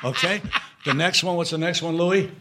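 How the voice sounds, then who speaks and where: A man's voice: on the high side, normal speed. Older man telling blunt, profane stories. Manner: blunt, profane, animated anecdotes. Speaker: guest. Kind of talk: podcast interview storytelling.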